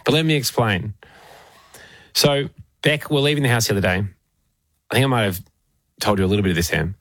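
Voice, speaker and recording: A man's voice: lowish voice, a little fast, fairly bright tone, no room sound. A man co-hosting a casual podcast, telling a story in a chatty way. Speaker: co-host.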